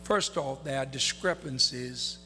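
A man preaching a sermon as pastor, reading scripture in a slow, drawn-out way. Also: medium pitch, sharp tone, slight background noise. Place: church sanctuary. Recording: reverberant hall.

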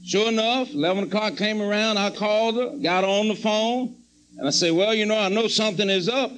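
A man with a high voice preaches a testimony sermon. He tells it as a story, acting out his own past words and prayers. His pleading prayers climb to fervent cries. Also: a little fast, fairly bright tone, slight background noise, low-quality recording.

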